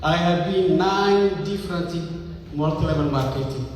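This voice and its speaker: Halting man in an echoey noisy hall. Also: a little high. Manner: halting, repeats words. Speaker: network marketing speaker. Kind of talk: testimonial speech. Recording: echoey hall, far off, with background noise.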